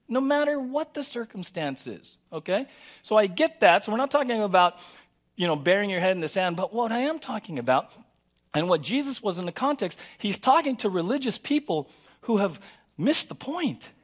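A man preaching a sermon as pastor in a church, playful and animated, acting out little scenes for the congregation. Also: very high-pitched, normal speed. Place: church sanctuary.

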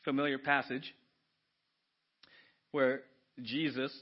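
A man preaching a sermon as pastor, animated, swinging from hushed asides to loud exclamations. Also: medium pitch, slow pace, muffled recording. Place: church sanctuary.

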